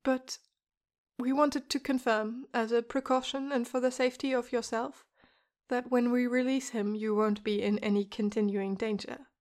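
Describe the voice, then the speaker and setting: A woman reading as a soft, gentle hospital nurse. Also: a little high, fairly even intonation, lightly acted. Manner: slow, gentle and careful.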